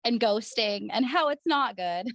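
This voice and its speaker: A woman's voice: a little high, expressive, a little slow, fairly bright tone, no room sound, lo-fi sound. A woman co-hosting a casual podcast, bubbly and laughing often. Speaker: podcast co-host. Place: Arizona.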